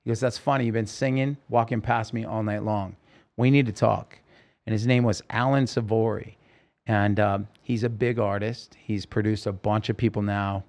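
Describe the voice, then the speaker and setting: A man's voice: fairly low pitch, fairly even intonation, normal speed, a little mellow. A man telling his life story as a podcast guest, acting out the voices of people he quotes. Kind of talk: storytelling interview. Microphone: podcast microphone.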